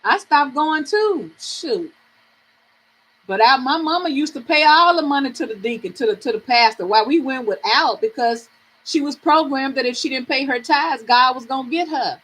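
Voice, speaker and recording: A woman's voice: high-pitched, moderate pace, a bit bright, husky, poor audio. A middle-aged woman from the American South, hosting a live reading stream and chatting frankly with viewers, swearing freely and laughing often.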